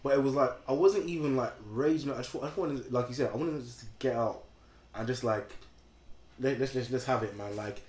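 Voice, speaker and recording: A man's voice: medium pitch, a little fast, a little mellow. A young man with a London accent telling stories in a casual chat, full of slang and fillers. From England. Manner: slangy storytelling with many fillers. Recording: echoey room with faint background noise.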